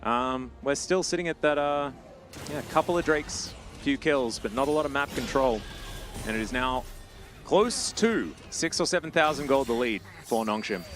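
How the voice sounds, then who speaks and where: A man casting an esports match solo, chatty and self-deprecating between plays, excitable when the action kicks off. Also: mid-range voice, moderate pace, faint music behind. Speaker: esports caster. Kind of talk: play-by-play esports commentary.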